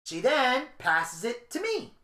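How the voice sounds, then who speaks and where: A podcast co-host tells stories in casual chat, swearing freely and acting out what people said like an animated storyteller. His voice is very high-pitched and slow, and the sound is roomy.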